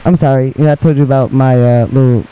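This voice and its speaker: A man's voice: medium pitch, steady tone, fast, mellow, lo-fi sound. A man co-hosting a radio show who jokes and laughs often during casual studio banter. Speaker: radio co-host.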